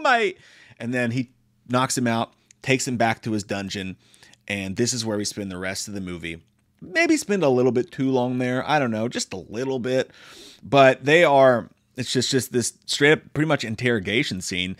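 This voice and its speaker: A young man giving a rambling, joking, profanity-filled movie review. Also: mid-range voice.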